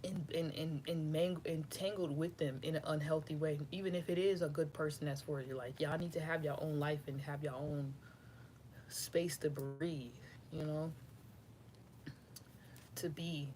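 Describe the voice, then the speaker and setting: A woman's voice: low-pitched, fairly even intonation, measured pace, a little mellow, slight background noise. A woman tarot reader, giving a loose, rambling, profane spiritual reading to camera.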